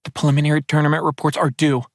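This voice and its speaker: A man voicing an earnest, practical young woman in an audiobook, explaining things briskly. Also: fairly high pitch, little pitch movement, no room sound, clean studio sound, voice pushed up, natural voice. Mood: urgent. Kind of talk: audiobook character voice.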